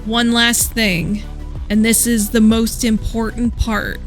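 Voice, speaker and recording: A woman reading out the lines of a smug, mysterious male hacker from a video game, in a calm, deliberate way. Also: fairly high pitch, soft background music. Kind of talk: reading game dialogue aloud.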